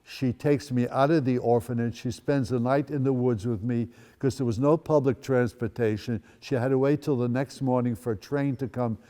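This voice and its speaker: Mellow-voiced older man recounting memories. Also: mid-range voice, steady tone, moderate pace, few pauses, long reverb tail. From Netherlands. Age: 80s. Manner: wry, dry humorous asides. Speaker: guest speaker. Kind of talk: personal storytelling talk. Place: school event space.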